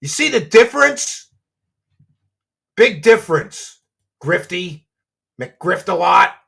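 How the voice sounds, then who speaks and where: A man hosting a commentary show, ranting and mocking, swinging between low muttering and loud shouting. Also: very animated, slow pace, creaky, slightly rough.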